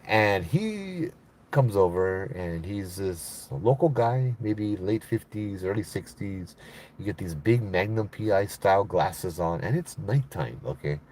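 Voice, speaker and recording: A man with a very deep voice tells a ghost story in a loose, conversational way. He keeps checking in with the listener as he goes. A faint ambient hum sits behind him. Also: lively intonation, unhurried, darkish tone. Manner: conversational, frequent "you know" and "right?". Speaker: storyteller, former mental health worker. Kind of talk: casual spoken ghost story.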